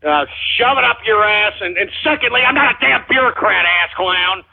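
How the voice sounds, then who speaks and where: A man's voice: high voice, animated, moderate pace, vocal fry, breathy edge. A Texan man hosting a call-in radio show, brash and combative with callers. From Texas. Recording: muffled, phone-like radio stream.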